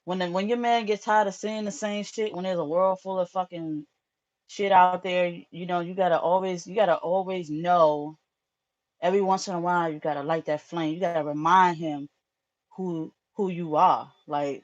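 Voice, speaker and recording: A woman's voice: lowish voice, normal speed, dull audio. A woman hosting a live tarot stream, chatting casually with viewers in a frank, profane way, often laughing.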